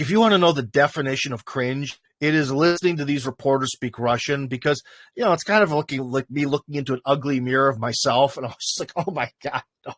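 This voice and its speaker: A man hosts a livestream in a loose, rambling way, leaning on fillers as he goes. His voice sits at a middle pitch. The sound is dry and close, with no room echo. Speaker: livestream host. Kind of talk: casual chat. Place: in front of a green screen.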